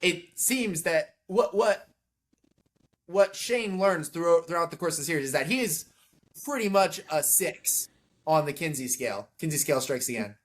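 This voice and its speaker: A man's voice: fairly high pitch, expressive, normal speed. A man co-hosting a podcast in casual chat, swearing freely and answering with frequent repeated yeahs. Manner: profane, many repeated yeahs. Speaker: podcast co-host.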